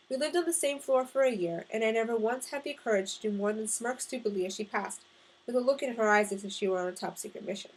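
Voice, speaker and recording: A woman narrating a first-person novel in an expressive audiobook reading. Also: on the high side, low-quality recording.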